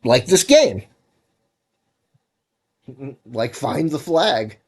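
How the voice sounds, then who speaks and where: A man's voice: on the high side, big pitch swings, drawn-out words, slightly rough. A man casually talking while programming on a livestream, rambling and correcting himself as he gives advice, sounding a bit tired. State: tired, yawning. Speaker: livestreaming game developer.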